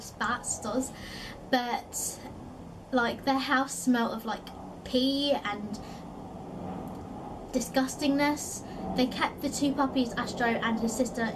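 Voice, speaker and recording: A young London woman with a South East London accent chats casually as a vlogger, her voice a little high. She sounds far from the mic, with background noise around her, and she fills her talk with "like" and laughs often.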